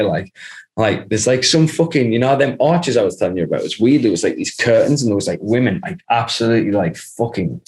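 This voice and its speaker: A man's voice: fairly low pitch, expressive, fast talker. Sweary man telling a story. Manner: swears constantly, rambling, laughs through his story. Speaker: podcast guest. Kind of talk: casual storytelling.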